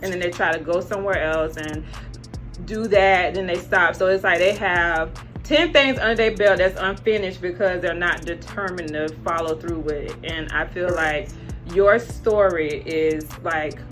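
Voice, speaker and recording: A woman's voice: fairly low pitch, unhurried, a bit bright, faint music behind. A woman hosting a casual interview, encouraging and affirming her guest. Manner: encouraging, lots of affirming "right". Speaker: interview host.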